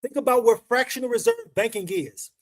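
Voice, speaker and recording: A man's voice: very high voice, wildly swooping pitch, fairly quick. A man hosting a casual crypto livestream, talking to viewers in slangy, emphatic chat and repeating words for stress. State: emotional, choked up.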